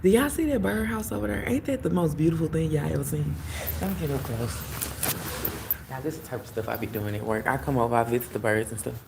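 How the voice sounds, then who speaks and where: A young woman hosting a livestream, telling a story in a casual, animated way straight to her viewers. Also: sits low, fast, vocal fry, heavy background noise. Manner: animated, talks straight to viewers, lots of "like" and "you know". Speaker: tarot reader and livestream host. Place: outdoors at work, phone livestream.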